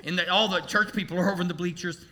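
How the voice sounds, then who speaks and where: A man preaching a sermon as pastor, telling a humorous personal story to his congregation in an animated way. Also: high-pitched, very fast, crowd noise.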